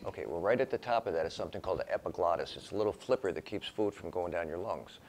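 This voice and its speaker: Low-voiced older man lecturing wryly. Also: quick pace, darkish tone, a little hiss or hum. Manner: conversational, wry, acts out dialogue. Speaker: professor. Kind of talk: storytelling lecture to a class. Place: classroom.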